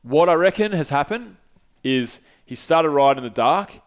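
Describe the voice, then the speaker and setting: Smooth-voiced man telling a laid-back story. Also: fairly high pitch, animated, normal speed. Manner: laid-back, swears freely, acts out quoted dialogue. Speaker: podcast host. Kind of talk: casual storytelling.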